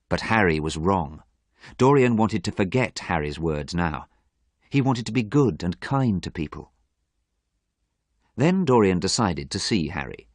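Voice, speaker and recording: A man reads a story aloud for English learners in a slow, clear storytelling voice. His voice is very low yet moves expressively up and down. The recording is close and dry, with no room sound. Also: no echo. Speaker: narrator.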